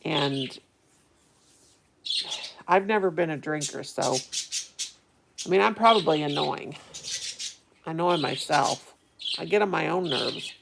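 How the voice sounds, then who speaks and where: Gravelly-voiced chatty woman. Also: low-pitched, takes it slowly, long pauses, background noise. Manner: rambling, chatty, talks to viewers. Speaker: vlogger reading live chat. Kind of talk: casual live-stream chat.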